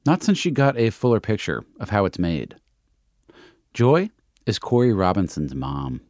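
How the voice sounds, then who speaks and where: A man with a lowish voice narrates a reported story, his pitch rising and falling freely. He reads his script in a measured way and leans on key words to make a point. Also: big pitch swings, a little mellow, dry recording, studio quality. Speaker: podcast host and reporter.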